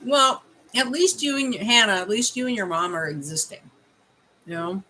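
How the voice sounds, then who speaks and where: A bright, forward-sounding middle-aged woman chats casually on a livestream, tasting candies and giving viewers advice. A faint hiss sits behind her voice. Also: mid-range voice, expressive, normal speed, low-quality recording. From Canada. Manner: chatty, tasting candy while advising viewers. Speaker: life coach livestreaming.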